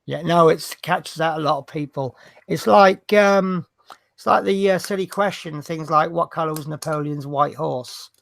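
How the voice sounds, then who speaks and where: A man's voice: on the high side, normal speed, creaky, a bit bright, dry recording. A man hosting a casual hobby show, rambling through jokes and banter. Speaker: host. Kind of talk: casual chat, telling jokes.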